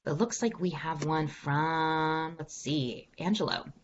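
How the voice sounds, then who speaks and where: A woman's voice: low-pitched, slow pace, a little hiss or hum. A woman voice coach leads an online workshop Q&A, upbeat and encouraging as she walks listeners through exercises. Her voice comes through a video call with a slightly muffled, lo-fi sound. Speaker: executive voice coach.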